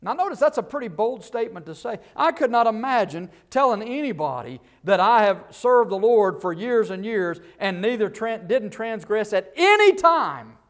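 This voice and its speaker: A man preaching a Baptist sermon in a fairly high voice. He keeps asking his listeners rhetorical questions. He swings between loud bursts and quiet, low asides. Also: animated, normal speed, few pauses. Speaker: guest preacher.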